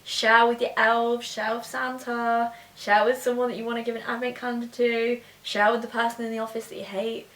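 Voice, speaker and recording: A woman chats on a podcast, giggly and rambling, in a fairly high voice. She sits a little back from the mic. The room rings with echo. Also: level tone, brisk, few pauses, fairly bright tone. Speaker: podcast co-host. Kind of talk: casual chat. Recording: echoey room, distant mic.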